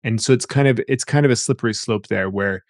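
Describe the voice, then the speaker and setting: A man's voice: mid-range voice, fast, dry recording, studio quality. A man speaking as a therapist guest in an interview, thoughtful and explanatory, often repeating words as he thinks. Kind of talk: interview conversation.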